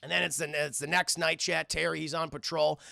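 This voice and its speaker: A male streamer talks his live chat through an episode in a loose, rambling and profane way. His voice is very gravelly and bright, sitting a little high, recorded close and dry. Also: steady tone, brisk, no room sound. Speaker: streamer and cartoon reviewer.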